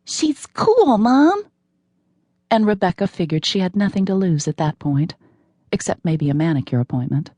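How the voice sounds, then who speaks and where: A woman narrating a novel with wry, measured scripted narration on a close studio microphone. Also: deep voice, dark tone, no room sound. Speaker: audiobook narrator.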